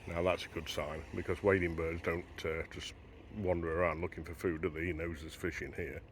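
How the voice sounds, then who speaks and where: A man's voice: sits low, little pitch movement, fairly quick, slight background noise. A man vlogging as he walks a beach at sunrise, chatting to camera and wondering aloud as he goes. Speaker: travel vlogger. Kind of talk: casual walking narration to camera. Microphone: handheld camera while walking.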